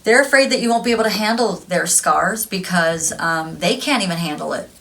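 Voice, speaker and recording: Give me a chatty, gushing woman reading tarot cards, with a slightly low voice. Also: brisk, vocal fry, a bit bright, rough recording. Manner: chatty, gushing, laughs often. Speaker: tarot reader.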